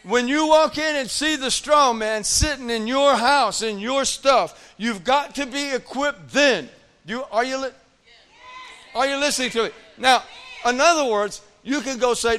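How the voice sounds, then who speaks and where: A man's voice: extremely high pitch, a little slow, clean tone. A man preaching a sermon as pastor, telling a story with acted-out dialogue and repeatedly calling on his congregation to answer. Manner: animated preaching with audience call-outs; acts out quoted dialogue in storytelling.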